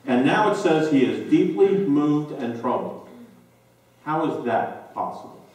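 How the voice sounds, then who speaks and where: A male pastor preaching a sermon, slow and emphatic with dramatic pauses, recorded in a church sanctuary. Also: fairly high pitch, very animated. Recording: very echoey church from a distance.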